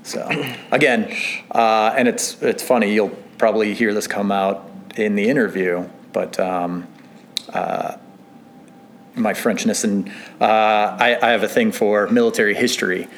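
A man's voice: fairly low pitch, fairly even intonation, unhurried, slight background noise. A man from northern Illinois, a guest on a podcast, talks casually and rambles in a self-deprecating way, with lots of fillers. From northern Illinois, USA. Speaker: interview guest, assistant track manager. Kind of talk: casual interview chat. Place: tower room at a country club, indoors.

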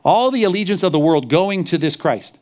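Animated preacher man with a lively voice. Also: high-pitched, brisk. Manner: animated, mocking apologetic asides. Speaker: pastor. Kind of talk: sermon.

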